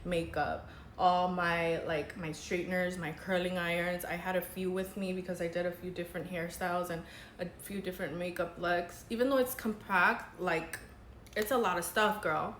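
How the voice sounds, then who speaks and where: A woman's voice: fairly low pitch, steady tone, moderate pace, a bit bright, echoey room, slight background noise. A young woman, a makeup artist, telling a dramatic story in casual, chatty vlog style. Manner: chatty, dramatic, says girl a lot.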